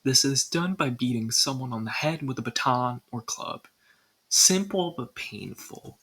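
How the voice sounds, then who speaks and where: A woman's voice: a bass voice, expressive, unhurried, a bit bright, slightly rough, poor audio. A young woman narrating a scripted ranking video with casual, dry asides. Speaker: video creator.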